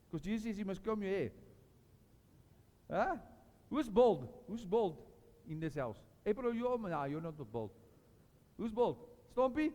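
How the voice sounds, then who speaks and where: A man preaching an informal sermon to a small home gathering, earnest and animated, often restarting his sentences and joking with the listeners. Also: very high-pitched. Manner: earnest, animated, with frequent restarts and jokes to the room. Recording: long hall reverb.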